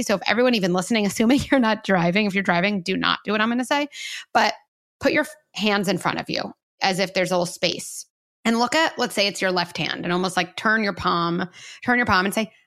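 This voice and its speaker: A woman's voice: medium pitch, fairly bright tone. Woman explaining in a podcast interview. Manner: explains step by step, guides listeners through exercises. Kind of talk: conversational interview.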